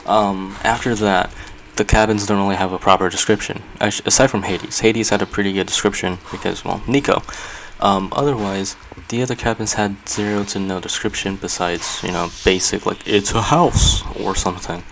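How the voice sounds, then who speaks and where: A man's voice: on the low side, steady tone, moderate pace, hardly any pauses, fairly bright tone, slight background noise, poor audio. A man hosting a casual building video, chatting loosely and thinking aloud with frequent fillers and self-corrections. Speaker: Minecraft builder and channel host. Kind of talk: casual gameplay commentary.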